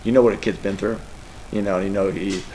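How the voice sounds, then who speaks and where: A man's voice: on the low side, steady tone, fast, dark tone, a little hiss or hum, rough recording. A middle-aged man, a college football coach, answering press questions in an emotional, rambling way. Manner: emotional, rambling, tearful at times.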